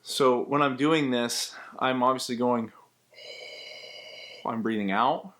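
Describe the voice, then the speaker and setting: A man who works as a voice actor, giving a casual spoken tutorial and explaining voice technique step by step in a chatty, relaxed way. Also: mid-range voice, slow pace.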